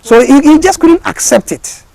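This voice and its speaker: A man giving a motivational talk in an impassioned way, often repeating words and restarting, with excited peaks. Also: very high voice, moderate pace, gravelly.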